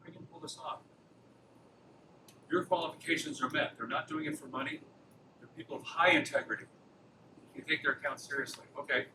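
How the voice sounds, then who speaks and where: Guy giving a campus talk, kinda high voice, far from the mic w/ noise in the room. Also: very animated, fairly quick, pauses often. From Los Angeles, USA. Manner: conversational, with frequent rhetorical questions. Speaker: guest speaker at a campus apologetics club. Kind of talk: informal lecture. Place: lecture room.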